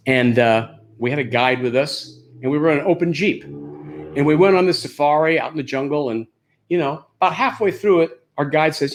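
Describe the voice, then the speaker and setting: An older man who is a comedian, telling stand-up stories in an animated, anecdotal way built around punchlines. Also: a little high, normal speed. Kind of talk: stand-up storytelling.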